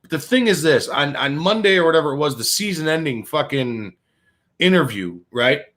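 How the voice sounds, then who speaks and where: A man's voice: fairly high pitch, animated, normal speed, a bit bright. Fired-up man ranting about sports. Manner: fired-up, profane, repetitive restarts. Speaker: sports talk show host. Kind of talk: heated sports radio rant.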